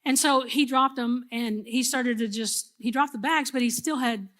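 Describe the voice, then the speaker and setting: A woman pastor in middle age preaching to her congregation. She tells a personal story with humor and animation, and her voice sits high. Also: moderate pace, a bit bright. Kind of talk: sermon.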